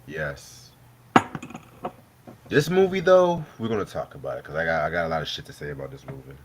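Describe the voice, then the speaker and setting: A man's voice: rumbling low, expressive, fairly quick, background noise. A man hosting a live stream, chatting loosely with lots of swearing and laughter while he eats dinner. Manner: loose, profane, laughing banter. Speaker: host. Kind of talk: casual live-stream chat.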